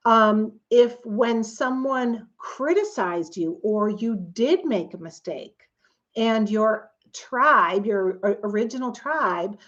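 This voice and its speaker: A woman's voice: a little high, takes it slowly, fairly bright tone, muffled recording. A woman coach giving a conversational, earnest teaching talk, now and then acting out quoted voices. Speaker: coach and author.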